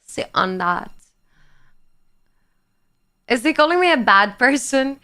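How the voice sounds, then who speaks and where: Slow-talking bright-voiced young woman streamer. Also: high-pitched, sing-song. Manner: playful, teasing, swears casually. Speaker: livestreamer. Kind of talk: casual chat reading viewer comments.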